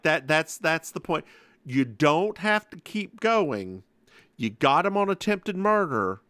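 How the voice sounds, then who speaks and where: A man hosting a podcast, recapping a TV episode in animated, casual storytelling. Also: fairly high pitch, dry recording. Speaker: podcast host.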